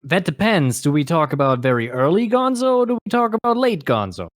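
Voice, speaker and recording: German-accented male co-host, fairly high voice with lively pitch, halting delivery, dry close sound. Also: dry recording. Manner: hesitant, repeats words while searching for them. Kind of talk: casual podcast chat.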